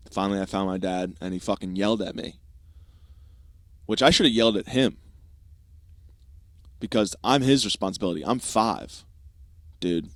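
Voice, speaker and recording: A young man tells a comic story in a fast, profane, animated way, slipping into quick voiced asides. His voice sits fairly low. The sound is dry and close, with no room around it. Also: no echo. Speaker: podcast host. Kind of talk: comedic storytelling monologue.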